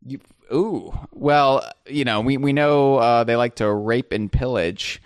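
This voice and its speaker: A man's voice: mid-range voice, a little slow, clear, resonant tone, no echo, studio quality. A man hosting a casual podcast, joking and rambling with plenty of fillers. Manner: jokey, rambling, filler-heavy. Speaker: podcast host.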